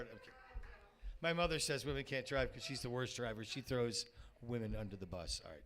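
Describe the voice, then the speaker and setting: A man doing a stand-up set at a comedy club, firing off punchy one-liners with loud bursts and muttered asides. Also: high-pitched, lively intonation, brisk. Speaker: stand-up comic.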